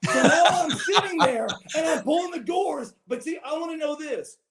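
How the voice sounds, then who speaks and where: High-voiced rambling storytelling man. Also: normal speed, roomy sound, background noise. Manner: rambling storyteller, loud bursts of laughter. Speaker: podcast guest. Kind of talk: casual podcast banter.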